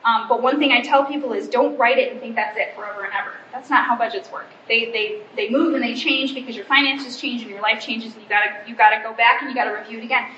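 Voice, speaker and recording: High-voiced woman in her forties, chatty. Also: steady tone, fast, hardly any pauses, sharp tone, a little hiss or hum. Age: 40s. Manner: chatty, self-deprecating, acts out family dialogue. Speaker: pastor's wife speaking to a church group. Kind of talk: informal church talk. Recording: roomy, slightly muffled hall recording.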